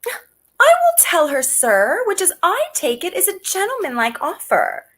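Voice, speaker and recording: A woman's voice: extremely high pitch, wildly swooping pitch, a little slow, fairly bright tone, full character voice. A woman playing a garrulous old nurse in a Shakespearean stage drama, rambling and theatrical. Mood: chatty. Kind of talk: Shakespearean stage acting over video call.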